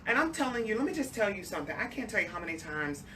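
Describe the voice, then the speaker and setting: A woman's voice: mid-range voice, big pitch swings, rapid-fire. A woman hosting a radio talk show, effusive and emotional, speaking straight to her audience. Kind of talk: interview chat. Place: radio studio. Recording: distant mic with clear background noise.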